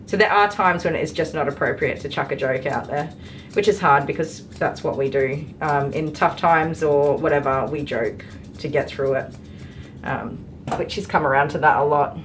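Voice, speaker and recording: Working in her indoor grooming salon, a middle-aged woman who grooms dogs chats casually on a live stream, laughing often and saying um a lot. She speaks at normal speed in a low voice. Faint music plays behind her, and the recording is rough.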